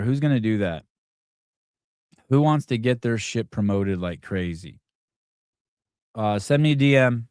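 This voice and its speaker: A man's voice: fairly low pitch, unhurried, long pauses, clear, resonant tone, dry recording, studio quality. A middle-aged man hosting a casual morning talk show, rambling and restarting his sentences as he talks with callers. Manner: rambling, restarts often, shouts quoted yells. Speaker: podcast host.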